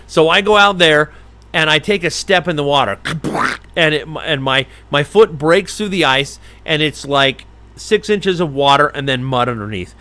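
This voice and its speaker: Man, middle-aged, lively storyteller, slightly high-pitched, acts out voices. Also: normal speed, a little hiss or hum. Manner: animated, acts out voices in his stories. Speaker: falconer hosting a live stream. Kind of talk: casual storytelling.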